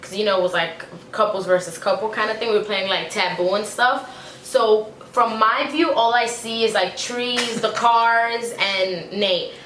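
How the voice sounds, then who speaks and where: Bright-voiced young woman chiming in. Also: mid-range voice, measured pace. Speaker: co-host. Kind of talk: casual storytime. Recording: echoey room with faint noise.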